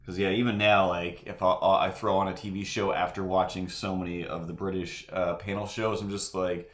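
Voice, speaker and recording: Man, very low voice, rambling drawing-stream chat, meandering with fillers, echoey room. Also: level tone, normal speed, hardly any pauses. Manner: meandering, full of fillers and asides. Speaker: livestream artist.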